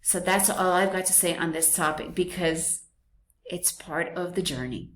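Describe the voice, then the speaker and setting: A woman's voice: lowish voice, moderate pace, fairly bright tone. Emphatic woman podcast host, echoey room. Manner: emphatic, repeats herself, blunt. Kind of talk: direct-to-listener parenting talk.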